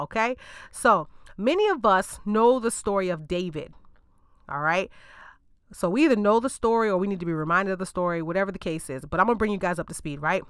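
A woman host retelling a Bible story in a loose, slangy way, breaking off for joking asides to her listeners. Her voice is smooth and clear, recorded dry and close with no room sound. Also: mid-range voice, a bit bright, no echo. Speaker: podcast host.

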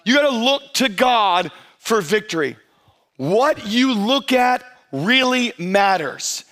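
A middle-aged male pastor with a notably high voice delivers an energetic sermon. He keeps a relaxed, conversational tone and often slows right down to stretch out important phrases. Now and then he briefly acts out how churchgoers might talk. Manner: stretches key phrases slowly for emphasis.

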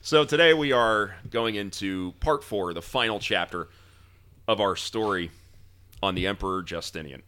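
A man hosting a podcast, trading laughing banter with his co-hosts and then narrating history in a steady storytelling voice. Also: lowish voice, moderate pace. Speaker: podcast host. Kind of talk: casual chat and history narration.

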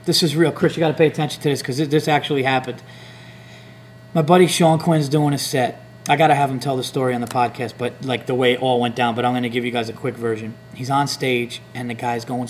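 A man's voice: mid-range voice, level tone, fast talker, slight background noise. A man hosting a podcast, telling a long profane story in casual chat and acting out other people's lines. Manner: rambling, profane, acts out hecklers' lines. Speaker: comedian podcast host.

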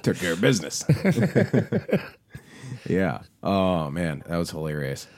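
A man's voice: low-pitched, unhurried. A man in his thirties, co-hosting a casual chat, telling rambling, profane stories and laughing often. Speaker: podcast co-host.

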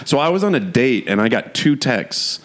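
A man's voice: medium pitch, big pitch swings, normal speed. A young man co-hosting a podcast, rambling in casual chat and laughing often. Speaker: podcast co-host.

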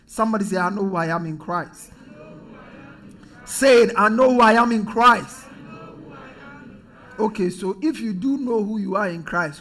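Male preacher, high-pitched and emphatic, leads call-and-response, soft music under him. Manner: call-and-response, emphatic, often rising to shouts. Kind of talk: sermon. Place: church.

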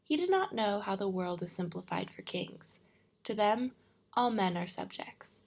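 Gravelly-voiced woman reading a storybook. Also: medium pitch, animated. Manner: measured storytelling. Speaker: narrator. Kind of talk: audiobook reading.

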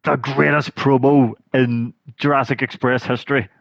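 A man's voice: mid-range voice, normal speed, creaky, no room sound, highs cut off. A Scottish man co-hosting a podcast, chatting casually and telling stories with lots of laughter. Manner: chatty, laughs often, animated storytelling. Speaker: podcast co-host. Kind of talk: casual chat.

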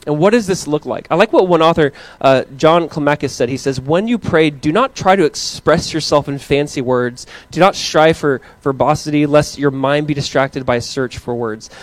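Male pastor, 30s, conversational sermon, animated storyteller, slightly high voice, dry close mic. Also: moderate pace, hardly any pauses, no echo.

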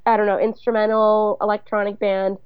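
A woman's voice: medium pitch, little pitch movement, fairly quick, clear, resonant tone, dry recording. A young woman chatting as a podcast co-host, her stories rambling and loose, full of restarts. Her voice sits in the middle of the range. The recording is dull, lo-fi and dry. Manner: rambling, loose, filler-heavy storytelling. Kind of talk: casual chat.

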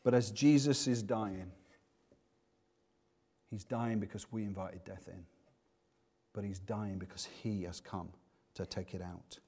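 A man preaching a sermon, swinging between loud, emphatic passages and hushed, slow ones. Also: lowish voice, steady tone, husky.

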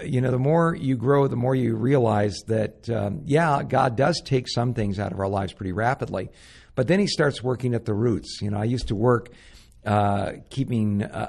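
A man's voice: lowish voice, darkish tone, slightly rough. An older man, a pastor and show host, teaching the Bible in an earnest, conversational way with stories and frequent fillers. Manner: earnest, anecdotal, frequent "uh" and "you know".

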